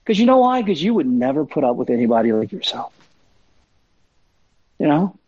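A man's voice: on the high side, big pitch swings, moderate pace, darkish tone, slightly rough, dry recording. A man preaching a sermon in a conversational, emphatic way, full of fillers and asides. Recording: dull lo-fi sound.

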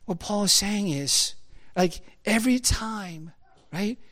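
A man preaching a sermon in a conversational, animated way, full of fillers and acted-out asides. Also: high-pitched, slow.

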